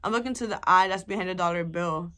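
A woman's voice: fairly low pitch, quick pace. A young woman vlogger telling a personal story in a casual, rambling way, full of fillers and swearing. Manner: rambling, animated, swears a lot, many fillers.

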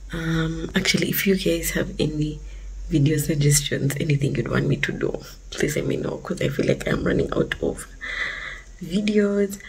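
A young woman from Uganda talking casually to her phone camera in a vlog, chatty and often sliding into soft half-whispered asides. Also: lowish voice, gravelly, slight background noise, low-quality recording. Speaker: vlogger.

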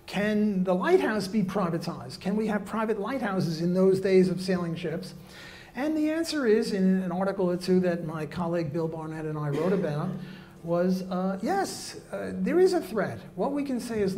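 A man's voice: high voice, lively intonation, moderate pace, a little mellow. A man giving a live economics lecture, blunt and jokey, with many fillers and restarts.

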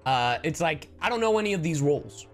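A man from Miami, a streamer and voice actor, telling stories to his stream chat in a casual, expressive way. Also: fairly high pitch, a little fast, faint music behind. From Miami, Florida. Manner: animated, expressive storyteller.

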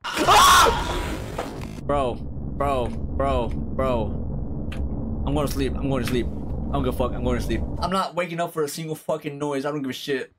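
A man doing let's-play commentary on a horror game, cursing constantly and shouting at the characters on screen. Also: medium pitch, fairly even intonation, normal speed, heavy background noise. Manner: profane, loud outbursts, talks to game characters. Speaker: gaming streamer.

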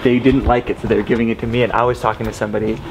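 A man's voice: medium pitch, level tone, racing. A young man in a touring band casually rambling through a funny story, chuckling at himself. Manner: rambling, amused, laughs at own story. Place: on tour, indoors. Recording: loud background noise.

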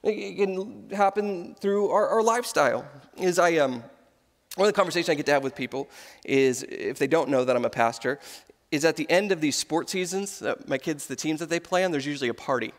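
Humorous pastor in a reverberant sanctuary. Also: male voice, a little high, fairly quick. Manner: storytelling with humor. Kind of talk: sermon. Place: large church sanctuary. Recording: long hall reverb.

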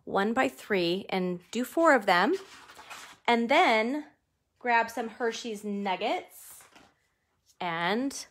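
Very slow, with long pauses, her voice is slightly high, expressive and a bit bright. She hosts a live stamping tutorial in her home craft room, chatting, joking about herself and laughing often, filmed by a desk camera under studio lights.

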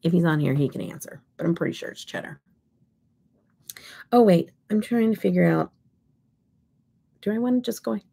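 A woman's voice: lowish voice, expressive, normal speed, gravelly, pauses often, dark tone, husky. A middle-aged woman from Kansas, hosting a casual makeup livestream, chatty and rambling, often dropping into whispers. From Kansas, USA. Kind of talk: casual live chat while swatching.

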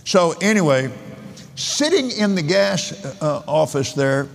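Slow, rambling older preacher in a hall. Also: male voice, fairly high pitch, sing-song, vocal fry. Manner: slow, rambling storytelling, counting out figures. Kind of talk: sermon. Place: large convention hall. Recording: long reverb of a large hall.

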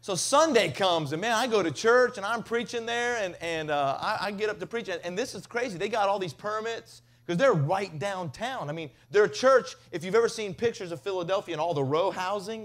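Male evangelist, from mississippi, high voice, animated comic storytelling, revival sermon. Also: a little fast, hardly any pauses.

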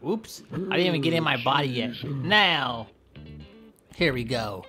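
A man hosting a gameplay video, giving playful, goofy commentary that keeps breaking into yelps and shouts. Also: medium pitch, animated, a little slow, soft background music. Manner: goofy, trash-talking, yelps and shouts often. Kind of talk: playful let's-play commentary.

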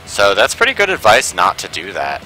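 Deep-voiced man ranting over gameplay. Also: huge pitch swings, brisk, pushed and bright, faint music behind, rough recording. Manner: rambling and sarcastic, heavy on "like". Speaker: gameplay commentator. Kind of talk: casual let's-play commentary.

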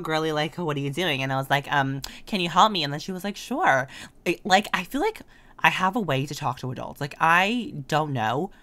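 A man's voice: a little high, sharp tone. A teenage boy chatting in a sassy, gushing way, heavy on filler words, as a casual voice-over for his own video. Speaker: gaming video creator. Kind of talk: casual voice-over chat over gameplay. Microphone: desk condenser microphone.

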